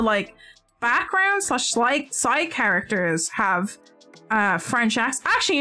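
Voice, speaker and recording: A slightly high-voiced woman chats on a live stream while crocheting at home. She rambles freely, breaking off and restarting sentences. Soft music plays faintly behind her. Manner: chatty and rambling, with frequent restarts.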